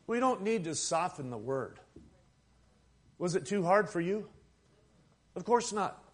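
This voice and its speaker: A male preacher delivering a sermon in a notably high voice. His delivery is emphatic, swelling louder on key points and dropping low on others, with a preaching cadence that calls out to the congregation. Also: big pitch swings, measured pace.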